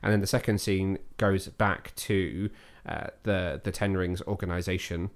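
A man with a fairly low voice hosts a relaxed film review chat. He rambles, restarts his sentences and keeps asking his co-host questions. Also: a little slow. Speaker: podcast host.

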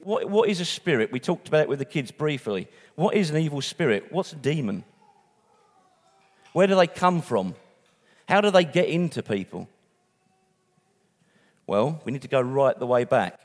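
A man delivers a sermon in a loose, conversational way, stopping to correct himself and add asides. His voice sits a little high for a man. The sound rings with the long reverb of a hall. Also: big pitch swings, moderate pace, long pauses. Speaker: preacher.

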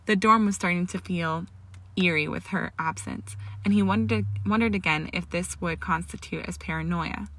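A woman reading a story aloud in a steady, measured way. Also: on the low side. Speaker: fan fiction reader. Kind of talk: story narration.

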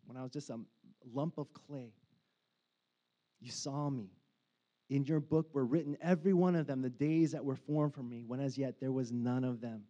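A man's voice: medium pitch, mellow. A man in his forties preaching a sermon as a pastor, casual and conversational with lots of filler words, building to fervent passages.

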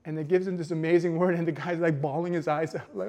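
A young adult man preaching a sermon, telling a personal story in an expressive way that swings between hushed and emphatic. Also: on the high side, brisk, few pauses. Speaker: pastor.

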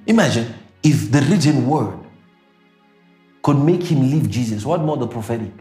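A man's voice: mid-range voice, lively intonation, moderate pace, dark tone, reverberant, soft background music. A middle-aged male pastor from South Africa preaching a sermon, emphatic and repetitive, with sudden bursts and laughter.

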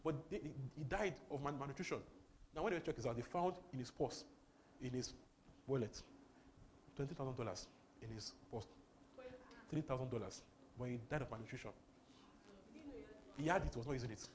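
A man preaching a sermon, emphatic, repeating words and swinging between loud and soft. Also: medium pitch, brisk, long pauses. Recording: faint background noise.

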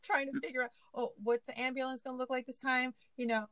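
A woman's voice: sits high, little pitch movement, fast, a bit bright, no room sound. Chatty woman host, dry close sound. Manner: chatty, rambling with many fillers. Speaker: podcast host. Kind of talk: casual interview chat.

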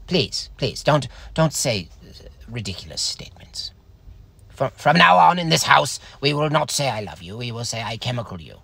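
A man's voice: mid-range voice, big pitch swings, moderate pace, creaky, sharp tone, breathy edge, no echo, heavily acted. A man doing a stammering, self-important British atheist author and father with a British accent, as a comedy bit. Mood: smug, pompous. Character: smug pompous male atheist author and father, an impression. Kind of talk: comedic character voice on a stream.

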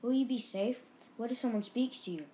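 A woman's voice: a little high, a little fast, dark tone, a little hiss or hum, voice pushed up, natural voice, rough recording. A woman voicing a fussing, kindly middle-aged mother who speaks anxiously, in a storybook reading. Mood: worried.

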